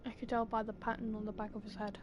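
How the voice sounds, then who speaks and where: Exasperated British woman streamer, high voice. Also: completely flat delivery, fast talker, lo-fi sound, noisy background. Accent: British English. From Britain. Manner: chatty, exasperated, pleading with game characters. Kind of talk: gaming commentary.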